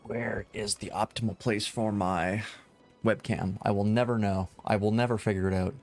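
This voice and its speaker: A man's voice: on the low side, fairly even intonation, normal speed, faint music behind. A man chatting casually while streaming a game at home, rambling and self-deprecating, swearing now and then. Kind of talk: casual gameplay chat. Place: home room with a VR setup.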